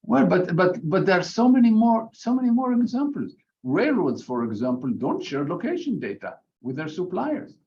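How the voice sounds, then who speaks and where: A man's voice: high voice, big pitch swings, moderate pace, darkish tone. Man explaining over dull lo-fi audio. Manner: explanatory, with frequent restarts. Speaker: academic panelist. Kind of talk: panel discussion. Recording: dull lo-fi audio with faint noise.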